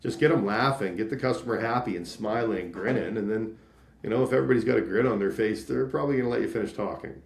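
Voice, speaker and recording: A man in his thirties from Canada, a sales leader telling stories in a casual interview, animated and acting out quoted voices. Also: lowish voice, quick pace, vocal fry, roomy sound. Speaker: podcast guest, sales leader.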